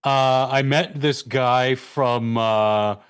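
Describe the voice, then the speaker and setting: A man's voice: mid-range voice, fairly even intonation, extremely slow, clear, resonant tone. Man, young adult, from Canada, rambling, profane, panel chat.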